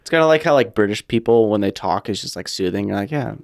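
A young man co-hosting a casual podcast, trading quick teasing banter and laughing often. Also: lowish voice, expressive, a little mellow, no room sound, clean studio sound. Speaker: podcast co-host. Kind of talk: casual chat.

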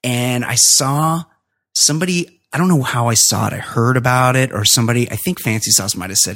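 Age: adult. Sex: man. Style: casual podcast host chat. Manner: profane, rambling rants. Pitch: middle. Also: brisk, a bit bright.

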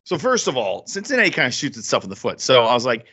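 A man's voice: medium pitch, wildly swooping pitch, quick pace, sharp tone, breathy edge. A man co-hosting a casual sports podcast, telling rambling stories and swearing freely. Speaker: podcast co-host. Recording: dull lo-fi sound.

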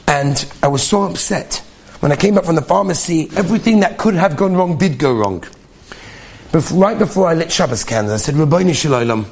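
A man's voice: on the high side, slight background noise. A man voicing a pleading, tearful mother. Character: grieving anxious mother of a sick child.

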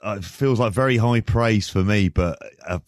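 A man chatting as a guest on a podcast, polite and quick to laugh, with plenty of ums. His voice sits very low. The sound is dry and close. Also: dry recording. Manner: polite, laughs easily, hesitant fillers. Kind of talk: casual podcast chat.

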